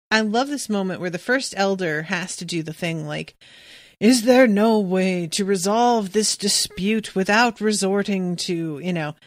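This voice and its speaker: A woman's voice: medium pitch, dry recording, studio quality. A woman hosting a podcast, recapping a fantasy novel in a casual, profane way and reading passages aloud. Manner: animated, profane, jumps into quoted voices. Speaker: podcast host.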